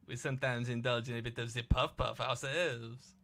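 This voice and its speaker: A man voicing a flirty female spa attendant, slow, sultry and sing-song. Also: medium pitch, little pitch movement, a bit bright, close to an everyday voice.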